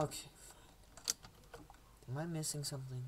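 A man's voice: on the high side, expressive, unhurried, a bit bright, slight background noise. A young man casually commentating a game he plays at home, joking around and doing silly voices for the characters. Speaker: gameplay commentator.

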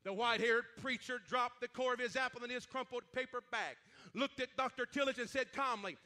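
High, bright-voiced fervent preacher man. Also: brisk. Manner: fervent, many 'uh' fillers, rising to shouts. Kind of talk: sermon.

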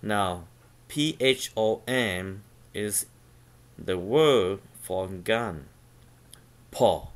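A man teaching a pronunciation lesson, slowly sounding out syllables one at a time and repeating them. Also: on the low side, lively intonation. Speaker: language teacher.

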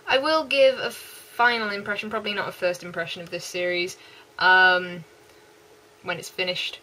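A young woman with a West Country English accent, chatting excitedly and gushing in repeats as an anime vlogger. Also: medium pitch, low-quality recording. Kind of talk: casual chat.

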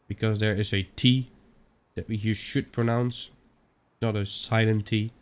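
A young Dutch-accented man talks his way through a game, rambling from one aside to the next. He swears casually. His voice sits a little low. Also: little pitch movement, unhurried, clean tone. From Netherlands. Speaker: gaming channel host. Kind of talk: let's-play commentary.

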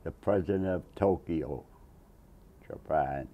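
A man's voice: rumbling low, takes it slowly, mellow. A man in his nineties, a Navy veteran, telling a long rambling story in an oral history interview, chuckling and acting out the quotes. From Massachusetts, USA. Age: 90s.

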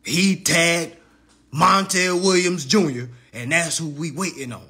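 A man hosts a comedic roast livestream, animated and profane, with frequent laughter. His voice sits high and sounds bright and forceful. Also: unhurried. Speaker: livestream host.

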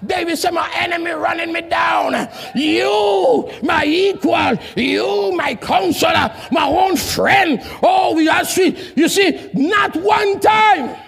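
A man preaching a sermon as pastor, calling out questions to the congregation with a shouting call-and-response manner and non-native grammar, recorded in a large church hall. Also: extremely high pitch, gravelly. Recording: long hall reverb, congregation faint.

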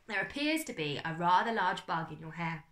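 A woman's voice: fairly low pitch, big pitch swings, moderate pace, fairly bright tone. A woman reading aloud and voicing a cheerful, fussy older uncle in a children's storybook, with a hearty, flustered manner. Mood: jovial.

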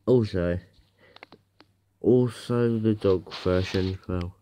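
A man's voice: sits low, slow pace, noisy background. A man casually introducing his favourite clips in a rambling, chatty way. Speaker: fan video uploader. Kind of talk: casual chat.

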